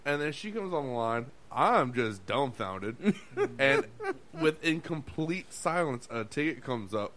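A man's voice: medium pitch, lively intonation, unhurried, a bit bright. A man co-hosting a podcast, telling a restaurant story in casual chat, swearing often, laughing, and acting out what people said. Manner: profane, laughing, acts out quotes. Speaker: podcast co-host.

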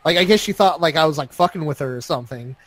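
A man's voice: on the high side, quick pace, no room sound. A young man co-hosting a casual chat, rambling through a story with many fillers. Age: young adult. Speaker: podcast co-host.

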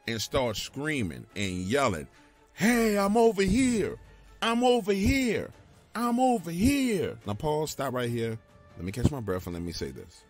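Animated man telling a scary story. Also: medium pitch. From Louisiana, US. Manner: emphatic, animated, talks straight to the listener. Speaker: guest telling his own encounter.

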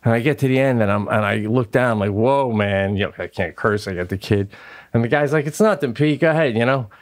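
This middle-aged podcast co-host speaks briskly in a lowish voice while recounting a story in casual talk. He brings the story to life by acting out the people he quotes.

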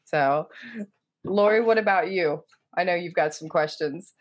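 A man's voice: high-pitched, a little slow, muffled recording. A man hosting a podcast interview, chatting casually with jokey, self-deprecating asides. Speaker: podcast host.

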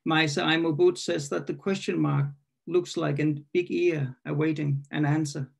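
A man with a somewhat high, gravelly voice that has a husky edge reads his own poetry to an online audience. He is tentative and full of restarts when he talks about the poem. When he reads it, he turns deliberate and probing, and the sound comes through a video call. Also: fairly even intonation. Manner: halting and self-correcting when introducing, measured and questioning when reading. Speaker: poet reading his own work.

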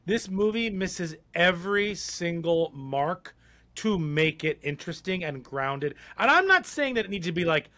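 A man's voice: high-pitched, sing-song, unhurried, sharp tone. A man co-hosting a podcast in casual chat, talking bluntly and rambling with lots of fillers. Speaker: podcast co-host.

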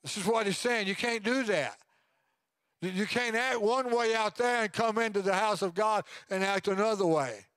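Older guy preaching, voice sits high, goes loud then drops low, no room echo at all. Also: moderate pace, clear, resonant tone. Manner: swings between loud preaching and low, quiet asides. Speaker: pastor. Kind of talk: sermon.

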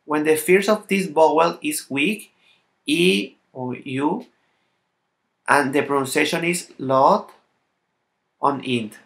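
A man with a Latin American Spanish accent, a native Spanish speaker, gives a language lesson in somewhat halting English and carefully sounds out example words one by one. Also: fairly high pitch, gravelly, a bit bright. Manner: slightly halting non-native English phrasing. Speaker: language teacher.

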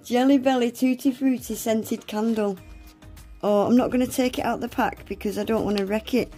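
A woman's voice: a little high, fairly even intonation, moderate pace, mellow, soft background music. A young woman, unboxing gifts in a casual vlog, gasping and exclaiming often and swearing casually. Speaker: nail art vlogger.

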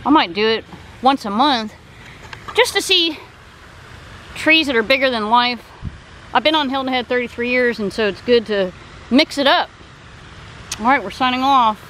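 A middle-aged woman talking casually to her phone camera while walking through a park by a pond, chatty and excitable, with many asides. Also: normal speed, long pauses, rough recording. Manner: chatty, excitable, rambling, with high sing-song baby talk to her parrot. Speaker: vlogger. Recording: faint outdoor noise.

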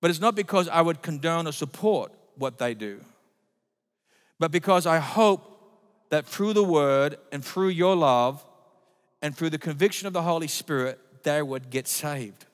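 A man preaching a sermon as pastor, emphatic, swinging between loud declarations and quiet asides. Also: fairly high pitch, expressive, a little slow. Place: church. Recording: long reverb of a church hall.

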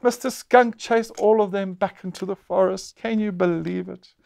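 A man's voice: sits high, steady tone, moderate pace, creaky, darkish tone. A man presenting a board game show, narrating each turn play-by-play and exclaiming as pieces come out.

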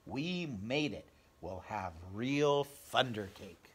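A man reading a storybook aloud, voicing a calm, steady old grandmother in a soft, reassuring way. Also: medium pitch, slow pace. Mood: warm. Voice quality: croaky.

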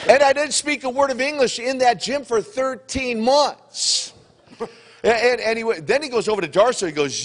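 An older man holds a convention crowd with rambling, good-humored stories, slipping into little voices for the people in them. His voice sits a bit higher than most men's. He speaks into a handheld mic in a convention hall. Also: normal speed. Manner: animated, jokey storyteller, acts out quotes. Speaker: wrestling legend answering fan questions. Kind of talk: convention Q&A storytelling.

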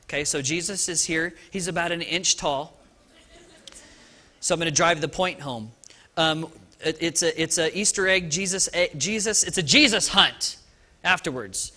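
Male pastor preaching at a church service, high and bright, loose, chatty delivery full of restarts. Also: moderate pace. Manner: lively and conversational, with frequent restarts and asides. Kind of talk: Easter sermon.

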